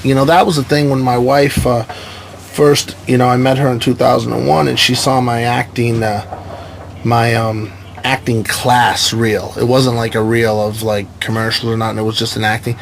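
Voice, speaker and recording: A man from New York tells animated stories on a podcast recorded aboard a sailboat. His voice sits mid-pitch, and he swears freely and slips into quoted voices. A faint hum of ambience sits behind him. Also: normal speed, creaky. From New York State, USA. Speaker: guest, actor and stand-up comedian. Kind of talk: casual podcast chat.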